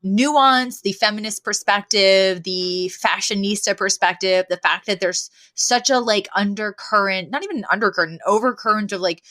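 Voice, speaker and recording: A woman co-hosting a podcast, talking in an animated, casual way with lots of fillers. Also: mid-range voice, moderate pace, few pauses. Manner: animated, chatty with many fillers. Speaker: podcast co-host. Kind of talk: casual chat.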